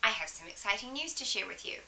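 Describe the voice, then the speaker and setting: A woman's voice: fairly high pitch, animated, fast talker, pushed and bright, low-quality recording. A woman with a New Zealand accent, sniffly and congested from a head cold, chatting to camera and telling a story in a casual vlog. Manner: chatty storytelling with asides, coughs and throat clearing. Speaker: vlogger.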